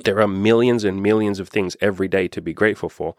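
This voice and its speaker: A young man coaching with earnest, emphatic energy and the odd casual swear. His voice sits very low, and the sound is dry and close with no room around it. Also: fairly even intonation, fast, no echo. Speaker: self-improvement coach. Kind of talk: casual motivational monologue.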